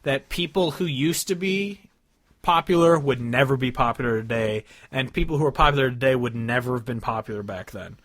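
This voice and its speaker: A man co-hosting a casual music podcast, rambling and excitable, swearing freely. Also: medium pitch, a little fast. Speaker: podcast co-host. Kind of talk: casual chat.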